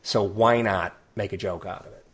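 A man with a fairly low voice talks casually as a podcast co-host. He is opinionated and dry, dropping deadpan asides and sometimes stumbling through restarts. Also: normal speed. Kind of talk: casual chat.

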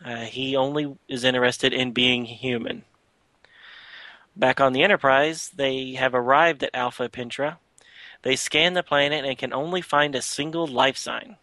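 A man's voice: medium pitch, fairly even intonation, normal speed, bright, forceful tone, no echo. A man hosting a podcast, casually retelling a comic book story with lots of filler words. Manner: chatty, loose retelling with frequent filler words. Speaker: podcast host.

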